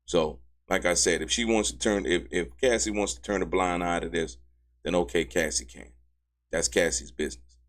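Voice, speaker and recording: A man hosting a casual legal commentary show, excitable and emphatic, who keeps repeating "ladies and gentlemen" and jumps up high in pitch when outraged. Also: normal speed. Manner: laughs mid-sentence, emphatic repetition. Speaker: commentary channel host.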